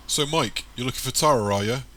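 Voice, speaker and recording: A man's voice: medium pitch, brisk, fairly bright tone, voice pushed up, close to an everyday voice. A man voicing a male gang member who talks in a wry, teasing way.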